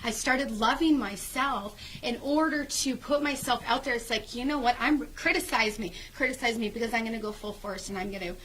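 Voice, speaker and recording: A woman's voice: on the high side, a little fast, hardly any pauses, fairly bright tone, slight background noise, low-quality recording. A woman guest in an interview, telling her own story earnestly, with many restarts and fillers.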